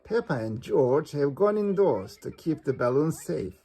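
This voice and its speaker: A children's storybook read aloud slowly and evenly. The voice is gravelly and breathy, with a relaxed, unhurried delivery. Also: medium pitch, soft background music. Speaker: storybook reader.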